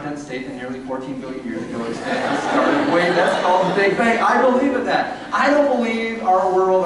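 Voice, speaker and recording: A man's voice: high-pitched, a little hiss or hum. Sarcastic man lecturing in an echoey hall. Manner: sarcastic, animated. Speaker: speaker giving a talk to an audience. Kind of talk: humorous lecture. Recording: echoey hall, distant mic.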